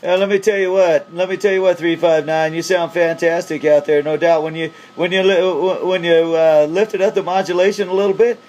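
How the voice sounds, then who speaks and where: Male CB radio operator, slightly high voice, upbeat and encouraging, faint hum behind. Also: fairly even intonation, fairly quick, few pauses, darkish tone. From Pacific Northwest of the US. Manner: upbeat, hyping the other station. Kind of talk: casual radio chat.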